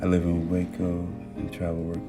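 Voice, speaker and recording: A man hosting a casual live stream from home on his phone, reading comments aloud and talking warmly about love and manifesting, with excited bursts and stumbling restarts. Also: sits low, normal speed. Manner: warm, affirming, talks about love and manifesting. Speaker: TikTok live host. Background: soft music playing.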